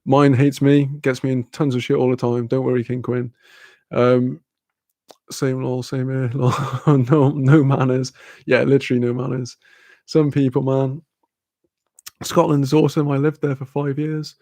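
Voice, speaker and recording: A man's voice: medium pitch, flat delivery, normal speed, dark tone, no room sound. A young man from Newcastle with a Newcastle accent chatting casually on a livestream, rambling, laughing often and swearing freely as he answers chat. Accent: Newcastle English. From Newcastle, England. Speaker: streamer reading chat.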